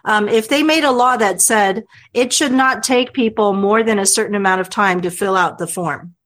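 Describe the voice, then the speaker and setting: A woman's voice: medium pitch, normal speed, a bit bright. A woman in her thirties, a podcast panelist in a casual group discussion, earnestly explaining her ideas. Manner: earnest, explains with frequent fillers and restarts.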